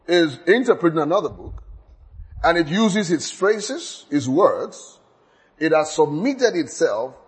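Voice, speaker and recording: A man leads a Bible lesson from the front, in a voice pitched a little on the high side. He stresses his main points by saying them twice and often restarts a sentence partway through. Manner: repeats key points, stammers and restarts, laughs at own slips. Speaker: Bible teacher. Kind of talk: teaching sermon.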